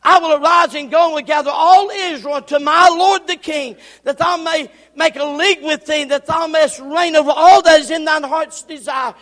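A man preaching who voices a proud, combative army commander, shouting his challenges in an echoey hall. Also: very high-pitched, fairly even intonation, moderate pace, few pauses. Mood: indignant.

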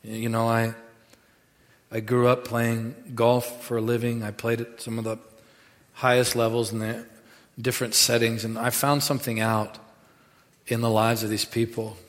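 A man preaching a sermon in a lively, animated way, dropping to quiet asides and rising to loud bursts. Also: medium pitch, normal speed. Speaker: pastor. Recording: reverberant hall.

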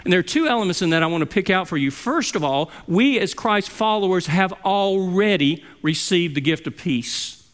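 Expressive male pastor preaching. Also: high-pitched, normal speed, few pauses. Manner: expressive, with swings between loud emphasis and soft near-whispered quotes. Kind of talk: sermon.

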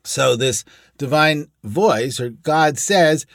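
A man's voice: mid-range voice, lively intonation, a little slow, no room sound, clean studio sound. A man teaching a text-study lesson in a digressive, explanatory way, reading short Aramaic phrases aloud and then glossing each in English. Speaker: Talmud teacher.

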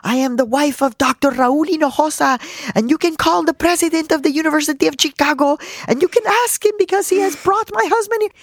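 Frantic tiny young mother, high and shrill, pleading hard, put on by a woman telling the story. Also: brisk, hardly any pauses, no echo, clean studio sound.

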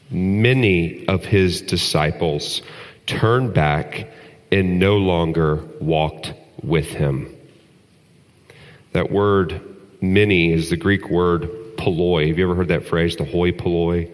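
Low-voiced man preaching in a hall. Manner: earnest preaching, rising to emphatic peaks. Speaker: pastor. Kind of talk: sermon.

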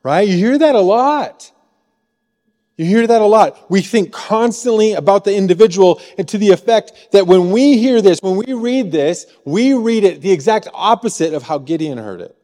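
A man from Missouri preaching a sermon as pastor, in a conversational way, often asking the room a quick "right?". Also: high voice, lively intonation, warm tone, in a large hall. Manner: conversational, frequent rhetorical "right?". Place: church sanctuary.

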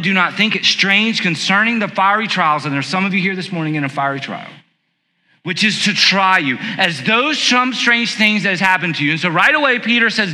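A man with a high, very bright and forceful voice preaches a conversational sermon. He throws out rhetorical questions and stretches out the key words. His voice carries a long reverb through the church sanctuary. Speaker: pastor.

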